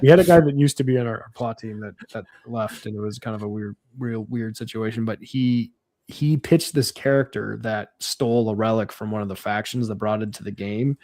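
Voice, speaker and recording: A man's voice: fairly low pitch, fairly quick, a little mellow, dry recording. A man on a podcast panel, chatting casually, rambling with lots of fillers and often laughing. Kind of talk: casual chat.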